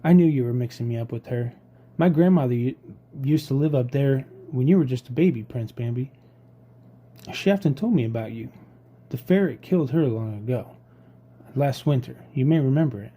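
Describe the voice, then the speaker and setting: A man's voice: mid-range voice, normal speed, mellow, lightly acted. A man voicing a fussy, polite young male squirrel in a storybook reading, chattering eagerly and scolding.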